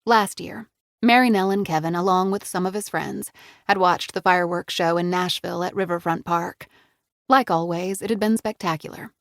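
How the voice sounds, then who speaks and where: A woman's voice: lowish voice, normal speed, no room sound, clean studio sound. A woman narrating an audiobook in a scripted reading style.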